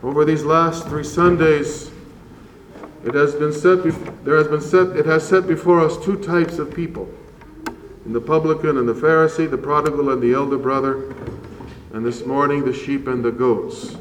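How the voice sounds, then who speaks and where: A man preaching a sermon as a priest, measured and earnest with slow emphatic pauses. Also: a little high, fairly even intonation, slight background noise. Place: church. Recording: roomy church echo from far off.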